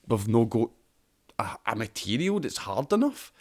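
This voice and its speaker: A Scottish man in his own casual podcast chat, swearing freely as he explains things at length. His voice sits in a middle pitch and he keeps an animated, laughing manner. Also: moderate pace. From Scotland. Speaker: podcast host.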